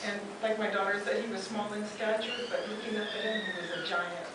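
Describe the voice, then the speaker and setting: A middle-aged woman tells stories at a memorial service, acting out the dialogue as she goes. She is picked up by a distant mic in a very echoey hall. Loud background noise runs under her voice. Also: mid-range voice, brisk. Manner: lively storyteller who acts out quotes and laughs as she tells. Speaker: daughter giving a eulogy. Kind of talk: funeral eulogy storytelling.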